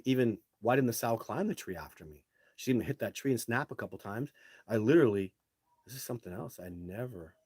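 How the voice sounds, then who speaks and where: A middle-aged man hosting a live show, telling his own stories casually and answering viewer questions in an animated way, with some swearing. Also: mid-range voice, slightly rough, no room sound.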